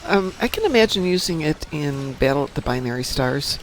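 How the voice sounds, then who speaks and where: A man's voice: on the high side, animated, a little fast, slight background noise. A man hosting a gaming stream, chatting casually and reading viewer comments. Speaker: stream host reading chat. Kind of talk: casual chat while gaming.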